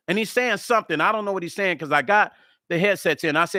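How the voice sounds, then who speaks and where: A man tells a story straight to his viewers, acting out each quoted line and swearing as he goes. His voice sits high and sounds bright and forceful. The recording is dry and close, with almost no room sound. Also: fast talker, dry recording. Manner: animated, acts out quoted dialogue, swears freely. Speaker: music vlogger. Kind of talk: casual storytelling to camera.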